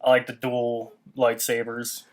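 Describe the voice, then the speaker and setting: A man's voice: medium pitch, monotone, measured pace. Hesitant man retelling a story. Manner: recounting, hesitant, stumbles over words. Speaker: co-host. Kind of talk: casual chat.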